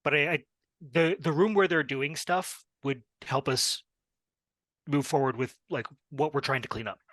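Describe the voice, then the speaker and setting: Bright-voiced, eager male player. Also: on the high side, moderate pace, no echo. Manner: eager, openly delighted. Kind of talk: casual game chat.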